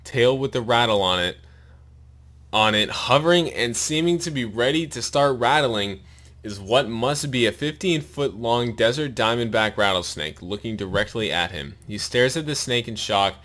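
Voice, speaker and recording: Guy reading a long story out loud, mouth all sore from dental work, steady mid-pitched voice. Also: normal speed. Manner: steady read-aloud narration with pained asides. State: sore, bleeding mouth after wisdom tooth removal.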